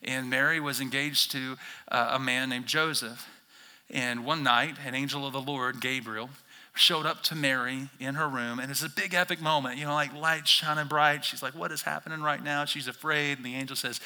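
Bright, animated preaching man. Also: on the high side, brisk. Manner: swings from quiet to shouted bursts, acts out listeners' reactions. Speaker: pastor. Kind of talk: energetic sermon. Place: church.

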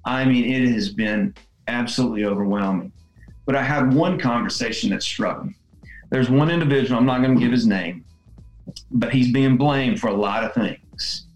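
A man guest, a salon owner, telling heartfelt stories in relaxed conversation. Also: medium pitch, normal speed. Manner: earnest, heartfelt. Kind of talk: conversational storytelling. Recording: roomy echo, faint music.

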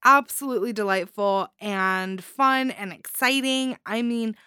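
A woman's voice: fairly high pitch, a little slow, hardly any pauses, bright, forceful tone, smooth, no echo, clean studio sound. A young woman hosting a story show, chatting about each story with giddy enthusiasm, laughing often and using lots of fillers. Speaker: host reviewing listener-submitted stories. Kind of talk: casual commentary on stories.

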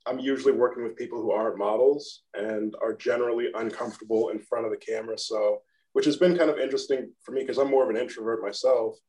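A man with a monotone voice, a guest photographer in a casual interview, self-deprecating and rambling, laughing now and then. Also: medium pitch, quick pace, low-quality recording. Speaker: guest photographer and graphic designer.

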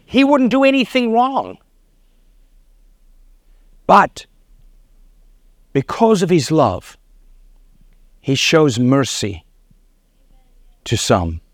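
A man's voice: on the high side, sing-song, extremely slow, long pauses, no echo, studio quality. A middle-aged man with a South African accent preaching a sermon, telling stories with laughs and acted quotes. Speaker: pastor.

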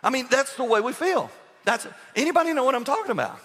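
Animated older male preacher in a reverberant church. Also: very high-pitched, quick pace. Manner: animated humorous storytelling, quizzing the congregation. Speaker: pastor. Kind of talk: sermon. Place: church sanctuary. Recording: long reverb of a large church hall.

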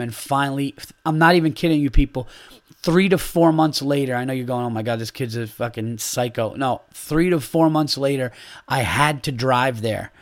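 A man hosting his own podcast, ranting in a heated, casual way and swearing freely. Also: mid-range voice. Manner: animated, heated ranting with profanity. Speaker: podcast host. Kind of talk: casual solo podcast rant.

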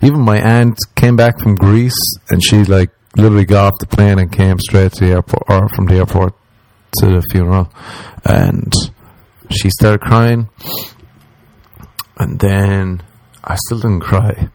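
A young Irishman tells personal stories in a casual monologue, his voice steady, unhurried and darkish, though the audio is poor. He's laid-back and self-mocking, swears freely, and quotes himself in a low mutter.

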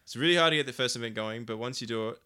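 Upbeat man, bright clear voice. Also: mid-range voice, rapid-fire. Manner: relaxed, enthusiastic, lots of fillers. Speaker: event organizer. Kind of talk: casual podcast chat.

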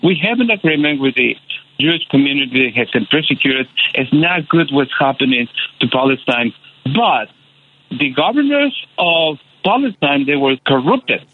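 A man's voice: mid-range voice, lively intonation. Impassioned male caller on a tinny phone line. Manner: passionate, halting, many repeated fillers. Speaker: radio caller. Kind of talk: impassioned call-in.

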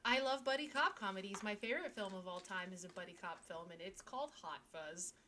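A woman's voice: mid-range voice, fairly quick, sharp tone, a little hiss or hum. A woman co-hosting a casual podcast chat, giggly and rambling, often restarting her sentences. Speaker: podcast co-host.

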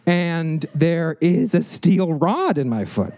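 A man telling a personal story in an animated way, acting out the people in it. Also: slow pace. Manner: animated, acts out quotes with shifting pitch.

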